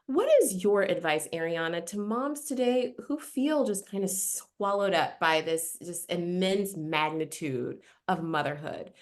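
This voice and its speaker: A woman's voice: lowish voice, expressive, measured pace, few pauses. A woman hosting a webinar over a video call, asking empathetic questions and sharing her own experience as a mother. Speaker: webinar host. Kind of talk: hosted webinar interview.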